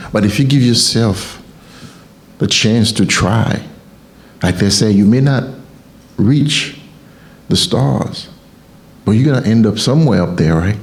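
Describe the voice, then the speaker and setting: Lower-voiced Haitian-accented man preaching. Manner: emphatic, repeats phrases for effect. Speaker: motivational speaker. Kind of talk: motivational sermon.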